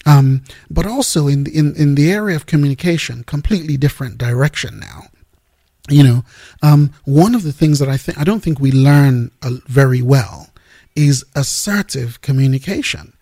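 Earnest, husky-voiced man hosting a faith show. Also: fairly high pitch, dark tone, no room sound, clean studio sound. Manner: unhurried, searching for words, earnest. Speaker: host of a Christian music program. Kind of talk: reflective devotional talk between tracks.

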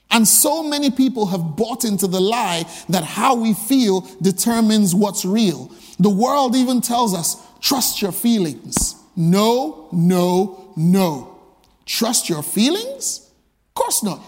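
High-voiced preacher in a reverberant hall. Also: male voice. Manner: emphatic, rhetorical repeated questions. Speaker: pastor. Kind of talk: sermon.

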